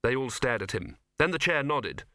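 A man reads a novel aloud in steady, measured narration. His voice is bright and clear, and the recording is close and dry with no room sound. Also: medium pitch, no room sound. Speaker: audiobook narrator. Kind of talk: scripted narration.

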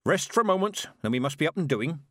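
A man voicing a stern, brisk old witch. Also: on the high side, very animated, fairly bright tone, no room sound, studio quality, pitched above the performer's own voice. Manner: brisk, firm and no-nonsense.

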